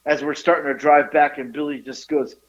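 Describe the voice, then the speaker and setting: A man co-hosting a podcast, telling a profane story in a casual, animated way and jumping into high voices for the people he quotes. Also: fairly quick. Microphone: phone call. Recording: dull lo-fi phone line.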